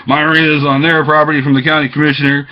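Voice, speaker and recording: Man, agitated rambling webcam monologue, fairly high voice, muffled webcam mic. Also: level tone, racing. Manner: agitated, rambling, jumps between topics. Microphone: webcam microphone. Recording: dull lo-fi webcam audio.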